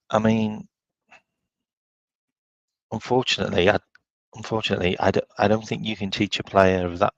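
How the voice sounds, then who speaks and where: A man's voice: low-pitched, no room sound, lo-fi sound. A man joining a fan livestream by call, talking casually with many ums and restarts. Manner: hesitant, lots of ums, restarts. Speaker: guest on fan stream. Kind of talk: casual chat.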